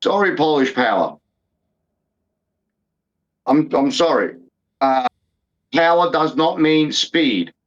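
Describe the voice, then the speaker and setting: A man's voice: a little high, lively intonation, takes it slowly, long pauses. A man in his fifties co-hosting a fight podcast, talking in emphatic, repetitive bursts and swearing freely. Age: 50s. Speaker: podcast co-host. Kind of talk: casual sports banter. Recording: dull lo-fi sound.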